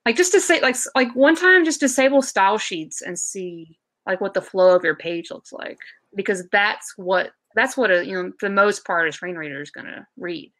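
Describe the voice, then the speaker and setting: A woman's voice: mid-range voice, expressive, moderate pace, fairly bright tone. A woman with a Southern US accent, a podcast guest who explains things in loose casual chat, full of fillers and restarts. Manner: rambling, many fillers and restarts.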